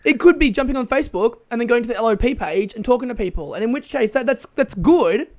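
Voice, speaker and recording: A man's voice: very high voice, lively intonation, fast talker. A man co-hosting a podcast in casual chat, often stammering and repeating his words. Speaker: podcast co-host.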